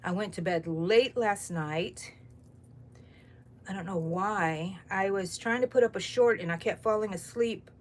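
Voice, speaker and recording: This is chatty livestream talk from a middle-aged woman crocheting at home, where she rambles and says hello to viewers by name. Her mid-range voice is a little slow, and the morning outside is overcast.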